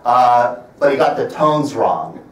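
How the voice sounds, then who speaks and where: A man in his fifties giving a public talk in a library, telling wry travel stories and slowing down to stress his points. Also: medium pitch, lively intonation, slight background noise. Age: 50s. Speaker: presenter. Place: library event room. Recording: roomy sound from a distant mic.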